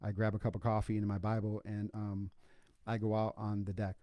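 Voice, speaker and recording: A man's voice: lowish voice, completely flat delivery, fairly quick, no room sound, highs cut off. A middle-aged man hosting a faith podcast, telling a personal story in a casual, folksy way with lots of asides. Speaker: podcast host.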